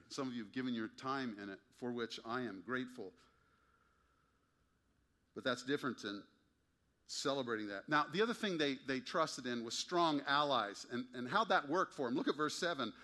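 A man's voice: medium pitch, sharp tone. A man preaching a sermon to his congregation, emphatic and wry, often asking pointed rhetorical questions. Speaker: pastor.

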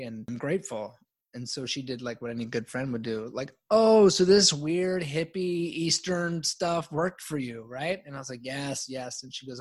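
A middle-aged man tells a story from his own life as a podcast guest. He is animated and pokes fun at himself, and he breaks into laughter often. He speaks at a medium pitch. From United States.

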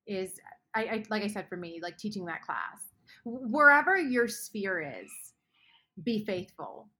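Bright, husky-voiced woman telling stories earnestly. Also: mid-range voice, a little slow. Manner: earnest storyteller, drops to hushed tones. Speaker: guest author. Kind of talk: faith podcast conversation.

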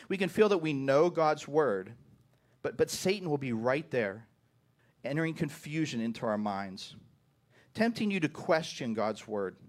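A man preaching a sermon to his congregation. He often repeats the first words of a phrase and keeps asking "right?". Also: on the high side. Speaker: pastor.

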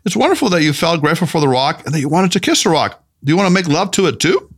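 A playful, gently insistent male mentor voiced by a man reading an audiobook speaks in a fairly high, lively voice that rises and falls freely. He coaxes and teases with emphatic warmth in his lessons. It is storybook narration with the figure's lines read aloud. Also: fast talker. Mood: teasing.

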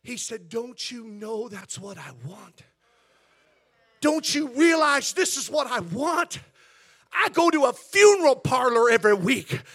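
A pastor preaches in a church sanctuary, an American man whose very high-pitched voice has a sing-song, unhurried quality. He starts by quietly telling a story, then climbs into loud, shouting delivery.

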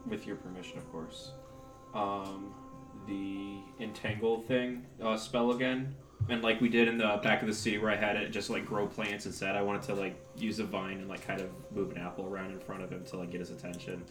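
Rambling man player, low voice. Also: level tone, a little fast, a bit bright, echoey room, faint music behind. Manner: rambling, many fillers. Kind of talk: casual tabletop play.

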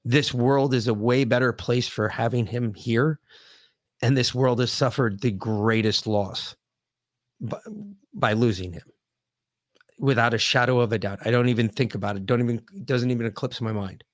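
A man co-hosting a podcast in casual talk, grieving, speaking in halting, emotional bursts with lots of profanity and restarts. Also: mid-range voice, fairly even intonation, no room sound, studio quality. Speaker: podcast co-host.

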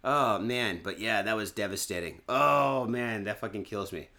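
With a lowish, bright, forceful voice at normal speed, a Michigan podcast host rambles casually over daytime drinks. He curses a lot, keeps it loose and jokey, and fills in with plenty of fillers.

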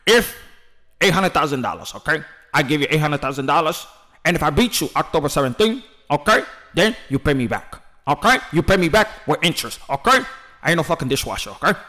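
A man's voice: on the high side, expressive, fast, pushed and bright. A man putting on a cocky boxer haggling over a fight deal, boastful and tacking "okay" onto nearly every line. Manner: boastful, repeats "okay" constantly.

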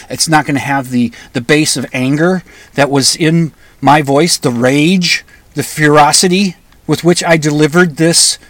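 A man's voice: on the high side, dry recording. A man telling a personal story in a conversational way, with restarts and flashes of raised, angry emphasis. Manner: conversational, restarts, flares into loud angry outbursts.

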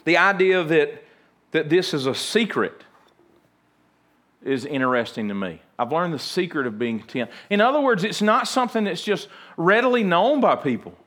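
A man's voice: fairly high pitch, sing-song, normal speed, fairly bright tone. A man pastor preaching a folksy, humorous sermon and acting out little everyday scenes.

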